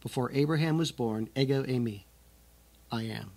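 A man's voice: mid-range voice, moderate pace, vocal fry, darkish tone. A man teaching scripture, reading the verses aloud with strong emphasis and then explaining them in a conversational way. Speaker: Bible teacher.

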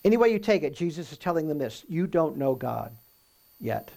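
Animated man teaching from the Bible. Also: a little high, creaky. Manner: conversational, often adds a questioning "right?"; reads scripture aloud slowly and with emphasis. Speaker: preacher. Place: room with a live audience.

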